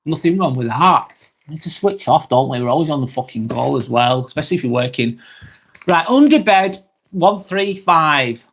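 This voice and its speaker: A man's voice: on the high side, animated, moderate pace, gravelly, fairly bright tone. A man hosting a live stream, reading viewers' comments aloud and chatting back in a casual, rambling way. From England.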